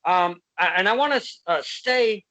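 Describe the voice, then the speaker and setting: Bright-voiced, blunt interview host woman. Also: medium pitch, lively intonation, normal speed, slight background noise, low-quality recording. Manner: blunt, swears, passionate, many restarts. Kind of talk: casual interview chat.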